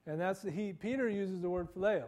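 A man's voice: high-pitched, a little fast, a little mellow. A male pastor giving a conversational sermon, acting out quoted dialogue with stammering repetitions.

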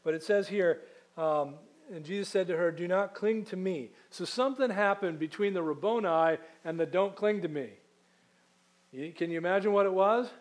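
This male preacher's voice sits high. He keeps his sermon conversational, asking rhetorical questions and easing his pace to read passages of scripture aloud.

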